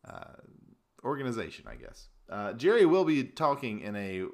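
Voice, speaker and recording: A man hosting a casual sports podcast, reading sponsor spots and chatting with relaxed, easy banter. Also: medium pitch, normal speed, vocal fry. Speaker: podcast host.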